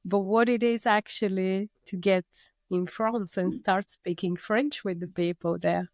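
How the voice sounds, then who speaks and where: A woman's voice: medium pitch, fairly even intonation, measured pace, dry recording. A woman hosting a podcast, asking supportive follow-up questions in casual chat. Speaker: podcast host.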